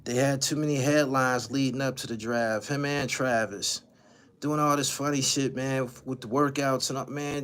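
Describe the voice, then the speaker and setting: A man's voice: mid-range voice, steady tone, moderate pace, fairly bright tone, clean tone. A man hosting a livestream, giving profane, ranting commentary and repeating his lines for emphasis. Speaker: channel host.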